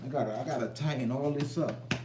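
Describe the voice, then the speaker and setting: A man's voice: medium pitch, fairly quick, heavy background noise. A young man with a slight Southern US accent, hosting a casual livestream chat in loose, rambling street slang. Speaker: livestream host.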